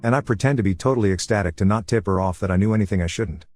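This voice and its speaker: A man reading an online story aloud in a casual first-person way, over soft guitar music. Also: lowish voice, rapid-fire. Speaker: story narrator. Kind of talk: reading a reddit post aloud.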